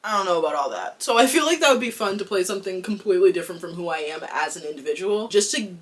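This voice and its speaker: A woman's voice: fairly low pitch, fast. A young adult woman from Boston with a Boston accent, talking casually to camera as an actor vlogger, chatty and candid with lots of "like". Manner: chatty, fills with "like", candid and excitable.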